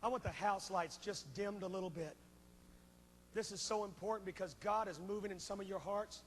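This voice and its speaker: A man preaching a revival sermon, swinging between impassioned shouting and hushed pleading. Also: high-pitched, moderate pace, big-room sound, a little hiss or hum. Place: large church auditorium.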